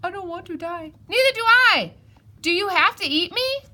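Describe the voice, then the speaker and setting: A woman's voice: animated, moderate pace, bright, forceful tone, heavily acted. A woman voicing Jack, a cheeky, talkative boy who whines and argues back with the storyteller. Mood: scared. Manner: squeaky, pleading, argues back.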